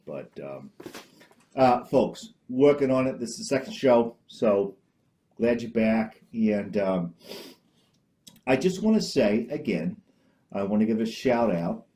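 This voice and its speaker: A man hosting a homemade comedy talk show, rambling and deadpan, constantly hesitating with uh and um. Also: fairly low pitch. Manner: hesitant, full of uh and um, restarts. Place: small home studio with green screen.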